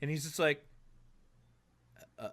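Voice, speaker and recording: A male game master narrating a tabletop game, casual and rambling with lots of fillers. His voice is bright and slightly raised. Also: a little high, measured pace, clean tone.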